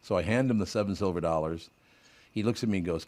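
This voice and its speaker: A man's voice: deep voice, fast talker, darkish tone. An older man hosting a radio show, telling stories in a dry way with sudden laughs. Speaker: radio host. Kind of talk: casual talk radio banter.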